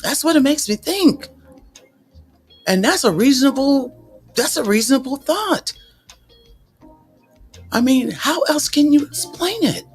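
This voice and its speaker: A man's voice: very high-pitched, big pitch swings, a little slow, long pauses, faint music behind. A man reading out court testimony and reacting with sassy, exasperated commentary, using slang and cussing. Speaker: commentary host.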